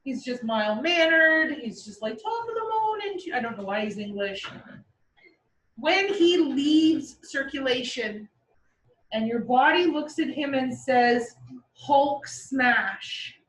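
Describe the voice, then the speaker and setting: High-voiced woman lecturing in an echoey classroom. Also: fairly bright tone, recorded from a distance. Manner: playful, uses military metaphors and mock voices. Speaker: teacher. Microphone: far from the mic. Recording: echoey classroom recorded from afar.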